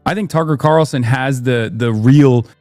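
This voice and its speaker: A man's voice: mid-range voice, moderate pace, darkish tone, no room sound, faint music behind. A man giving political commentary in an earnest, analytical and fluent way.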